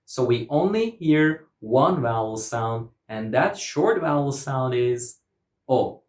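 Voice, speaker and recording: A man teaching English pronunciation in a scripted online lesson, explaining clearly and deliberately and modeling example words. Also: mid-range voice, lively intonation, darkish tone, echoey room.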